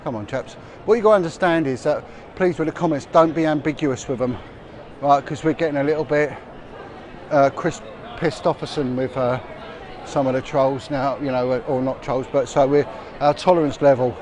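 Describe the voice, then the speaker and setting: A man's voice: mid-range voice, fairly even intonation, moderate pace, a little mellow, a faint crowd. A middle-aged man, chatting and rambling as he walks through busy city streets for a livestream, with lots of restarts and fillers. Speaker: vlogger. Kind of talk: walking livestream commentary. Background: passers-by and street noise.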